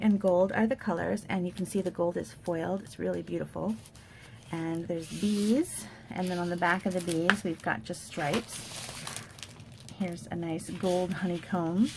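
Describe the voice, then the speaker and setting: A woman's voice: lowish voice, steady tone, a little slow, creaky, background noise. A woman demonstrating a paper craft project, chatting in an upbeat way as she walks through supplies and steps. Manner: upbeat, chatty product walkthrough. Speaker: card-making demonstrator. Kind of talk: casual crafting tutorial.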